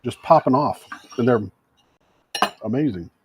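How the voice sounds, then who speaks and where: A man's voice: medium pitch, lively intonation, measured pace, muffled recording, a little hiss or hum. A man co-hosting a live cooking show from a home kitchen, making teasing jokes in casual banter. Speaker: co-host.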